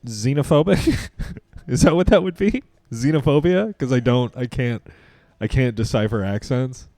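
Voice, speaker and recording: A man's voice: medium pitch, normal speed, mellow, no room sound. A man co-hosting a podcast in casual chat, loose and joking, firing off rambling questions. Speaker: podcast co-host.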